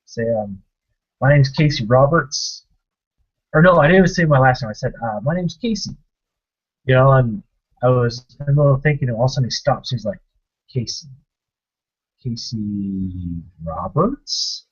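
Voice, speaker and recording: Husky young man telling a story. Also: mid-range voice, brisk, long pauses. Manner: animated anecdote-telling, acting out quotes. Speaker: co-host of a tabletop gaming show. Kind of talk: casual storytelling recap. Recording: dull lo-fi webcast audio.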